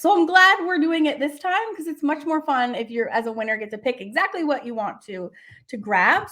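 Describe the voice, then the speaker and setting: A woman art teacher hosting a casual live lesson, bubbly and gushing, chatting with lots of fillers. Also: sits high.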